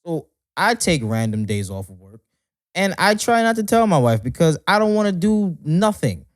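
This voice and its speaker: Man, podcast co-host, lively swooping pitch, dry close sound, profane rants. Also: normal speed, dry recording. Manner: animated, profane ranting storyteller. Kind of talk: casual chat.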